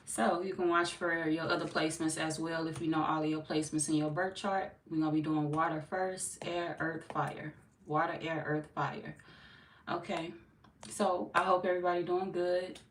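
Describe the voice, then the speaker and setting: A woman hosts a tarot live stream, her low voice a little hoarse and loose with slang and swearing. She sits back from the mic in an echoey room, with a faint hiss underneath. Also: little pitch movement, moderate pace, recorded from a distance. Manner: casual, greets viewers by name, swears freely. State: slightly hoarse, feels she is losing her voice. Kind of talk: casual live-stream chat and tarot reading.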